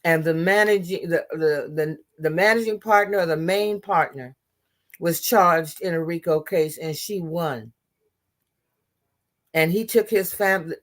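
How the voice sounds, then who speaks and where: A woman giving impassioned political commentary, blunt and profane, often restarting her sentences. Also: lowish voice.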